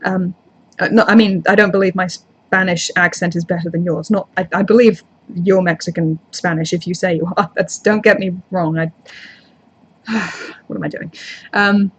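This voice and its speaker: A woman's voice: fairly low pitch, fairly even intonation, normal speed, slightly rough. A woman YouTuber in casual live chat, answering viewer comments in a rambling, chatty way with self-deprecating asides.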